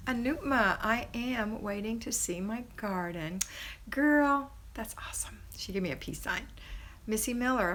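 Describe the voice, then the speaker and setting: A woman's voice: moderate pace, slight background noise. A woman hosting a homemaking live stream, reading viewer comments aloud and praising and encouraging her viewers. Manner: chatty, with pitch rising high in excitement. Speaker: homemaking livestream host.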